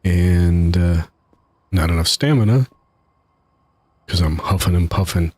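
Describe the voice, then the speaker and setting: A man's voice: low-pitched, a little slow, darkish tone, no echo. A man casually commenting while he streams a game live, chatty and laughing at his own troubles from his home setup. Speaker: gaming streamer.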